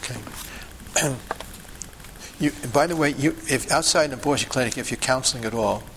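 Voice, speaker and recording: A man's voice: mid-range voice, normal speed, background noise. A man giving an instructional talk to a group as a sidewalk counselor, emphatic and full of rhetorical questions and checks like "okay?" and "see?".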